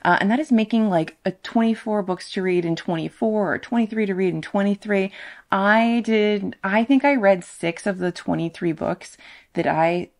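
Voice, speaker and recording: A woman's voice: medium pitch, moderate pace. A woman booktuber chatting to camera about her reading goals in a casual, self-mocking and emphatic way, recorded at home on a sensitive condenser mic. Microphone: ASMR-style condenser mic.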